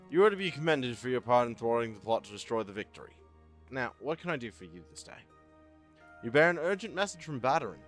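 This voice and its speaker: A man's voice: medium pitch, fairly bright tone, close to an everyday voice. A man voicing a stern, formal male naval commodore in a fantasy game, reading dialogue aloud.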